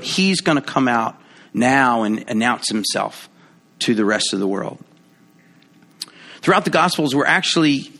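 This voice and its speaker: A man preaching a sermon in a conversational, playful way, acting out quoted voices with big jumps in pitch. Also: vocal fry, a bit bright. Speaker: pastor.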